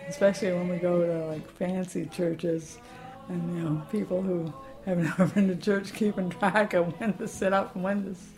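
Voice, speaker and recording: A woman speaking casually in an interview about her choir, halting with many fillers and frequent laughs. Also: lowish voice, little pitch movement, darkish tone, poor audio. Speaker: choir member.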